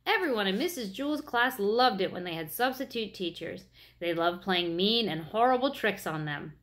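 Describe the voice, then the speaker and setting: Expressive woman reading a children's book. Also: mid-range voice, normal speed. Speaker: reader.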